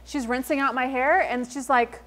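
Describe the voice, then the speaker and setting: A woman with a slightly high voice gives a motivational talk to a live audience. She tells her stories with lively energy, plays out the dialogue herself, and calls her listeners "friends" as she speaks to them directly. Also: normal speed. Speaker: invited speaker at an entrepreneurship event. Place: event hall in front of an audience.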